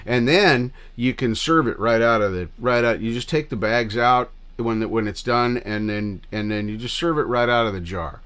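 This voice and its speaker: A man's voice: mid-range voice, a bit bright. A middle-aged man hosting a livestream, chatting casually with viewers in a rambling, scattered way and swearing freely. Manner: rambling and scattered, loose with profanity. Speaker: livestream host.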